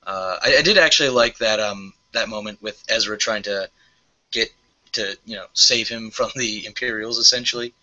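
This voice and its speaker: A man co-hosting a casual review chat, hesitant and full of pauses, heard over a muffled online call. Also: lowish voice, sharp tone. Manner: hesitant, with many "uh" and "um" and restarts. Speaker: show co-host.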